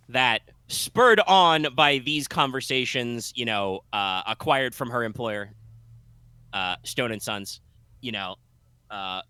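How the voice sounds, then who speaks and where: A man's voice: medium pitch, sharp tone, smooth, dry recording. A man narrating a tabletop game as game master, rambling with many fillers and restarts.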